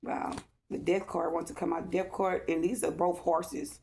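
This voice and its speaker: A woman's voice: lowish voice, little pitch movement, moderate pace, vocal fry, mellow, slight background noise. A woman giving a casual, rambling spiritual tarot reading, earnest and emotional, often checking in with "okay?". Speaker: tarot reader.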